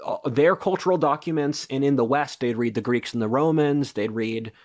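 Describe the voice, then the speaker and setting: A man's voice: medium pitch, moderate pace, a little mellow. A man who is a podcast guest, explaining his views in an assertive, lecturing way during casual interview talk.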